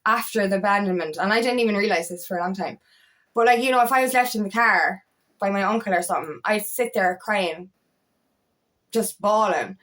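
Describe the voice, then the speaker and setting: A woman's voice: mid-range voice, a little fast, fairly bright tone. A woman coaching on relationships, talking candidly and emphatically and swearing freely. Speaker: feminine empowerment coach. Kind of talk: casual motivational talk to camera.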